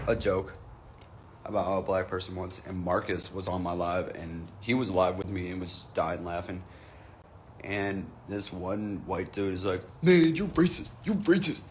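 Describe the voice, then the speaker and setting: A man's voice: low-pitched, fairly bright tone, slight background noise. A man telling a comic anecdote in a casual, profane way, jumping into quoted voices. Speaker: comedian telling a story.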